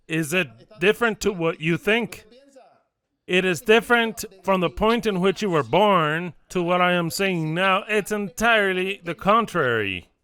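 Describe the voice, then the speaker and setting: A man with a high-pitched, clean-sounding voice preaches a sermon. He is emphatic and repetitive, acting out little stories in a lively storytelling style.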